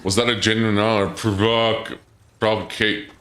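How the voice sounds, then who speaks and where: A man's voice: fairly low pitch, flat delivery, measured pace, fairly bright tone, roomy sound. A man casually commenting on a game during a live stream, thinking aloud and answering chat. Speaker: gaming streamer.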